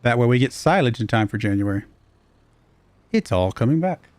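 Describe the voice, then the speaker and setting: A man's voice: medium pitch, animated, moderate pace, darkish tone, dry recording. Chatty man with slight Southern lilt. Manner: chatty, rambling, chuckles often. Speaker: livestream gamer. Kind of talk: casual livestream commentary.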